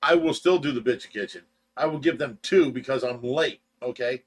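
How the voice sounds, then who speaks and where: A man's voice: mid-range voice, moderate pace. An older man co-hosting a casual livestream, teasing his son and laughing often. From United States. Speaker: livestream co-host.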